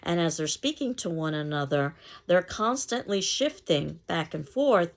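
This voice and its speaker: Low, gravelly-voiced woman lecturing. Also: a little slow. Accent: New York. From New York City. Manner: clear, steady explanatory delivery with occasional fillers. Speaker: public speaking instructor. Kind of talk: recorded online lecture.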